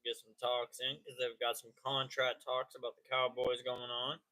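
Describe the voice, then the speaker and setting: A man's voice: mid-range voice, monotone, moderate pace, bright, forceful tone. A man hosting a casual live sports stream, talking in slang and greeting chatters by name.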